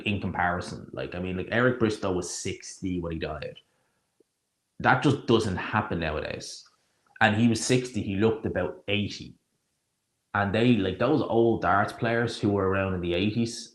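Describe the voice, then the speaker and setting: A man streaming a live watch-along, chatting casually and sarcastically, rambling and stopping to search for names. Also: low-pitched. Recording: roomy echo.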